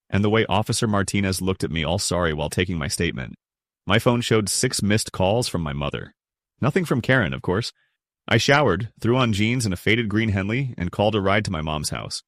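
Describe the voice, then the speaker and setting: A man's voice: lowish voice, lively intonation, moderate pace, dry recording, studio quality. A young adult man narrating a first-person family story in a blunt, resentful tone.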